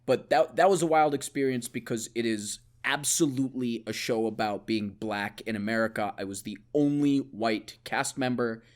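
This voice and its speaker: A man's voice: mid-range voice, normal speed, hardly any pauses. A young man co-hosting a casual podcast, telling a personal story hesitantly and searching for words. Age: young adult. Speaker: podcast co-host. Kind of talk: casual chat.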